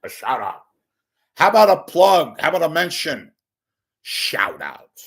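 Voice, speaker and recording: A man's voice: on the high side, very animated, a little slow, gravelly, a bit bright, slightly rough. Profane, wisecracking male talk host. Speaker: host of a call-in show. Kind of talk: casual rambling monologue.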